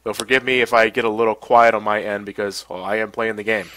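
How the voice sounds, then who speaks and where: A livestream host with a stuffy cold casually comments on a game, staying chatty, laughing often, and reading the chat aloud. His voice is fairly low and a bit bright, with fairly even intonation and fast delivery, on a low-quality recording.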